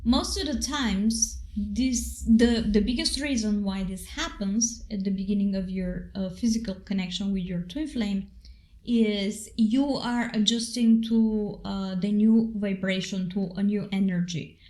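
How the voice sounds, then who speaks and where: A woman's voice: mid-range voice, steady tone, a little slow, a little mellow. A woman co-hosting a casual spiritual talk, speaking unhurriedly with many fillers. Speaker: co-host.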